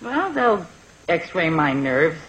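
A woman's voice: low voice, big pitch swings, slow, fairly bright tone, a little hiss or hum, full character voice, low-quality recording. A woman playing a doting, guilt-tripping middle-aged mother with a wheedling, melodramatic way of talking, heard on an old comedy record. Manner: wheedling, plaintive, melodramatic sighs and pleas.

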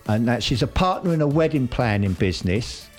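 A man tells a soap opera story in a loose, slangy way, wandering off on asides and then hauling himself back with "anyway". His pitch sits in the middle range, and faint music plays behind him. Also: expressive, a little fast. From United Kingdom. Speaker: radio show regular recapping a soap opera. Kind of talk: casual chat.

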